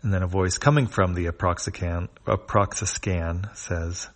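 A man's voice: deep voice, fairly even intonation, normal speed, few pauses. A man reading a comic aloud and describing each panel in a plain, hesitant manner. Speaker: webcomic reader.

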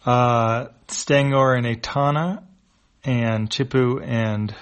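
Low, gravelly man reading a comic aloud. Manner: casual, many fillers. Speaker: narrator.

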